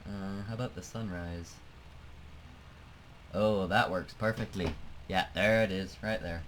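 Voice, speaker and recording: A man's voice: low-pitched, fairly even intonation, a little slow, fairly bright tone, slight background noise, poor audio. A man giving casual, self-mocking commentary while playing a flight game, laughing often. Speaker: let's play gamer.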